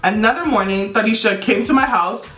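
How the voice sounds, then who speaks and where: A young woman vlogger telling a personal story to camera, casually, in an animated and blunt way with casual profanity. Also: mid-range voice, a little fast, distant mic. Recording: roomy echo with faint music.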